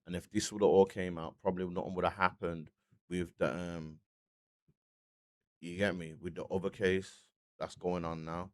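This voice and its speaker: A man talks through his commentary in loose street slang, circling back and checking in with "you get me" every few lines. His voice sits fairly low, and the recording is close and dry with no room sound. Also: little pitch movement, moderate pace, pauses often, no echo. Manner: slangy, keeps asking "you get me", frequent restarts. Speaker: online commentator. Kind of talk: casual commentary vlog.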